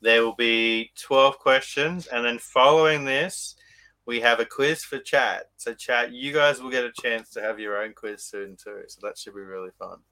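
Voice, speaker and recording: Australian male podcast host, upbeat, bright tone; good for a game-show quizmaster. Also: mid-range voice, steady tone, normal speed. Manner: upbeat, leads the talk and explains rules. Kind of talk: casual podcast chat, quiz hosting.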